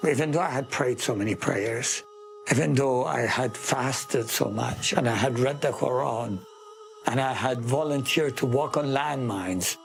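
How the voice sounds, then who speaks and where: A middle-aged man from Iran giving his personal testimony in an interview, earnest and measured, with pauses. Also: medium pitch, gravelly.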